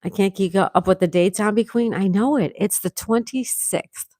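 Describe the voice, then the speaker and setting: A woman with a sore throat hosts a casual morning livestream, reading viewer comments aloud, chatting and laughing often. Her mid-range voice is mellow and moves at a moderate pace. The sound is clean studio quality with no room sound.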